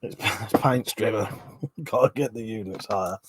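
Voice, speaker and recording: A man's voice: on the low side, normal speed, very noisy. A middle-aged man hosting a casual live stream, swearing freely, laughing often and chatting about viewers' comments.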